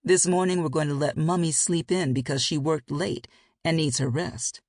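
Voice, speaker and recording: A gruff, teasing grown man, voiced by a woman reading an audiobook speaks low and husky, with a growl under his words. The sound is gravelly and breathy. It is close and dry, with no room around it. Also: moderate pace, darkish tone, no room sound. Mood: easygoing. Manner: growling, rough-edged banter.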